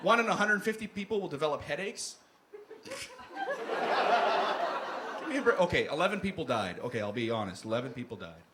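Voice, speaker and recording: Animated man doing stand-up. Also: fairly high pitch, moderate pace, pauses often, heavy background noise. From Canada. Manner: animated, shouting punchlines in put-on voices. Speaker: stand-up comedian. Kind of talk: stand-up comedy set. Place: comedy club stage. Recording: live club recording with loud crowd laughter.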